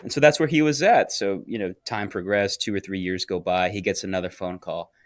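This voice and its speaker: A man co-hosting a podcast, telling a crude story in casual chat and getting loud when he quotes people. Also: deep voice, brisk, no room sound, studio quality. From Florida. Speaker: podcast co-host.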